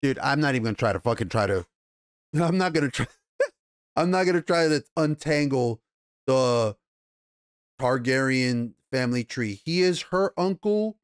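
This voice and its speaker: A man with a New York accent giving a casual, profane TV episode recap and review, animated and rambling, acting out the characters' lines as he goes. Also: mid-range voice, moderate pace, pauses often, smooth, no echo, clean studio sound. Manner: animated, profane, loose retelling with acted quotes. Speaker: TV show reviewer.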